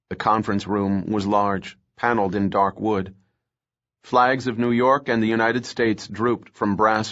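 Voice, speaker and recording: A man narrating a thriller audiobook in a steady, measured reading voice. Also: on the low side, highs cut off.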